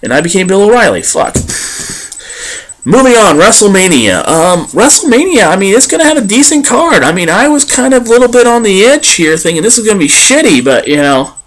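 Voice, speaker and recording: A man's voice: high-pitched, big pitch swings, fairly quick, a bit bright. A man ranting bluntly and profanely as a vlogger. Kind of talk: ranting commentary.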